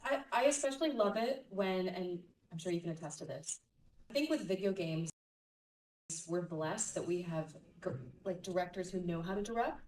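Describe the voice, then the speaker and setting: A woman's voice: fairly low pitch, animated, normal speed, darkish tone. A woman with a British accent, a voice actor speaking wryly on a convention panel. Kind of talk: casual panel talk. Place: large convention hall. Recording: echoey hall, mic far off.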